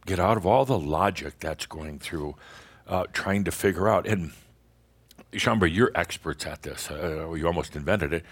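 Deep-voiced man giving a playful spiritual talk. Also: normal speed, breathy edge. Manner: rambling, playful, chuckles often, many restarts. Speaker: spiritual teacher addressing an audience. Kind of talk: channeled spiritual talk to a live group.

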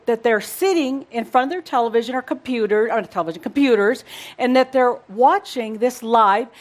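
A woman with a fairly high voice co-hosts a live gathering. She chats casually and welcomes guests one by one as she reads out their names.

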